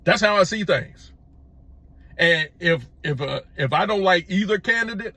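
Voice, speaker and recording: A middle-aged man hosting his YouTube channel airs his opinions emphatically, with repeated phrases and stammered false starts. He has a high, sharp, animated voice at a moderate pace, captured in a dry recording.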